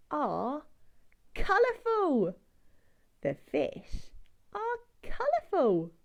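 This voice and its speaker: British woman, speech therapist, highly animated, slightly high voice, children's session. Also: slight background noise. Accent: British English. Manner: slow, sing-song, exaggerated for young children. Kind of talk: children's story-song session.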